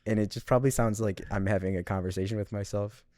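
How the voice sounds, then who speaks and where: A young man with a lowish voice, chatting as a podcast guest. He rambles loosely with many fillers. The sound is dry and close to the mic. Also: fairly even intonation, quick pace, a little mellow, no echo. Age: young adult. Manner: rambling, filler-heavy storytelling. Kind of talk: casual chat.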